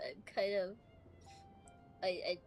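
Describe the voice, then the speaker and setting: A woman's voice: medium pitch, little pitch movement, takes it slowly, faint music behind. A woman streamer chatting casually and tearfully thanking viewers, laughing often. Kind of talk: casual live-stream chat.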